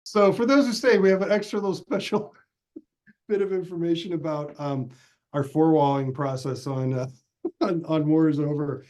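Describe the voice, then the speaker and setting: A filmmaker being interviewed, telling stories in a casual, animated way with frequent restarts. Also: male voice, a little high, moderate pace. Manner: animated storyteller, restarts often, acts out quotes. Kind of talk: casual interview over video call.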